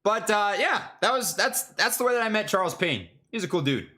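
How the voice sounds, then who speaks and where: A young man chats casually on his trading stream, slangy and jokey. His voice is high and bright, and his pitch swings widely as he gets excited. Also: fairly quick. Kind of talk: casual livestream chat.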